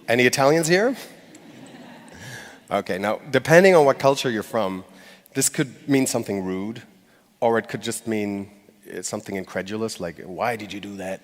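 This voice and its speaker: On a stage in a large hall, a man gives a live conference talk in a medium-pitched voice with lively intonation at a normal speed, leaving long pauses. He speaks conversationally, with fillers and restarts, acting out short quoted phrases with light laughs. The recording carries a long hall reverb.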